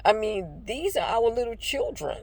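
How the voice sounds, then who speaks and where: Here the older woman's voice is a little high, swinging widely in pitch at a moderate pace, with no echo. As a devotional vlogger, she rambles through a heartfelt personal testimony, encouraging listeners in faith and using many fillers.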